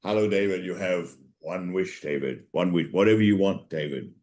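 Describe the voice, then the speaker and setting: A man's voice: low voice, normal speed, darkish tone, close to an everyday voice. A man doing a weary Australian genie. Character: weary put-upon male genie.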